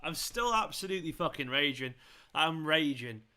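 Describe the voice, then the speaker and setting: A man with a fairly high, clean-toned voice hosts a live football watchalong stream as a fan channel host, speaking animatedly at normal speed. He rants and swears at the referees and shouts in celebration.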